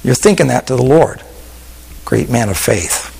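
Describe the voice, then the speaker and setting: A man's voice: medium pitch, animated, moderate pace, creaky, slight background noise. Man preaching in a reverberant hall. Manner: storytelling, swings from hushed whispers to emphatic peaks. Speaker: pastor. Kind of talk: sermon with altar call.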